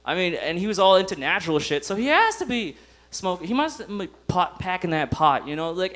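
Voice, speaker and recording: Young male stand-up comic, high voice, giggles at his own punchlines, acts out little scenes. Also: big pitch swings, a little fast, a bit bright. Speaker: stand-up comedian. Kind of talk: stand-up comedy set. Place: comedy club stage.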